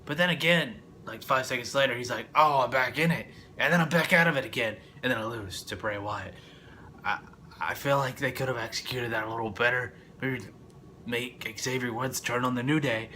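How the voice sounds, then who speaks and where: A young man rambling through a casual wrestling review, swearing often and breaking into loud outbursts. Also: medium pitch, normal speed, slight background noise.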